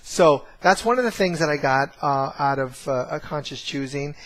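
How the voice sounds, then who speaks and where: A man's voice: a little high, moderate pace. Man rambling through a family story. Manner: rambling, many fillers and restarts. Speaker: course trainer. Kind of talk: casual storytelling to camera.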